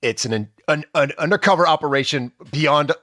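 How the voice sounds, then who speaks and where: A man's voice: fairly high pitch, normal speed, dry recording, clean studio sound. A man on a comedy podcast, riffing sarcastically and swearing as he mocks a TV episode. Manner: animated, sarcastic, profane.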